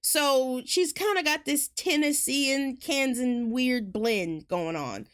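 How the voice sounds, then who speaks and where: A woman with a Southern US accent, fairly high-pitched, talking fast in a loose, rambling way as she streams a game. She laughs often between thoughts. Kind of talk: casual gaming chat.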